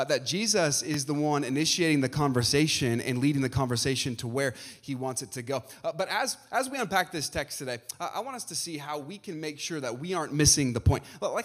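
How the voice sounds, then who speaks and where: Energetic preacher man, lively delivery. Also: fairly high pitch. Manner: preaching with frequent uh fillers and repeated phrases; asks the congregation for responses. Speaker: pastor. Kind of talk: sermon.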